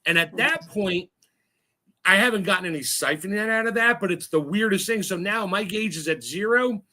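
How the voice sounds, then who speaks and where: A man's voice: high-pitched, normal speed, sharp tone. A man hosting a casual chat, telling stories with lots of laughter and imitated sounds. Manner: chatty storyteller, laughs often, acts out sounds. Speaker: host.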